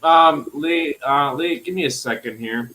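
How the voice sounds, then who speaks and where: A young Filipino man with a Filipino accent, calling into a live stream, angry and swearing, bursting into shouts. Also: a little high, measured pace, rough recording. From Philippines. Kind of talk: heated live stream call-in.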